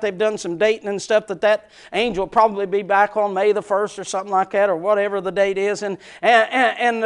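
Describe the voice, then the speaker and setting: Man, high-pitched, pastor preaching, folksy, hushed to shouting. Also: clean tone. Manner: dramatic swings from hushed near-whisper to loud shouting; folksy, laughs between points. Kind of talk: sermon.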